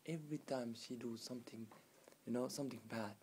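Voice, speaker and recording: A man casually retelling a folk tale in broken, non-native English, halting with restarts and filler phrases. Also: mid-range voice, fairly even intonation, a little mellow, slight background noise. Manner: halting, with many restarts and "you know" fillers. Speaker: storyteller.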